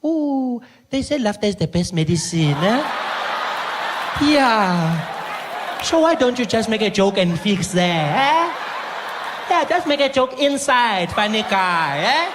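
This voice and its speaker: A man's voice: sits high, sing-song, slow pace, background noise, pitched above the performer's own voice, heavily acted. A man voicing a blunt, mocking female hospital receptionist, teasing in a sing-song way. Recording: live stage mic with audience laughter.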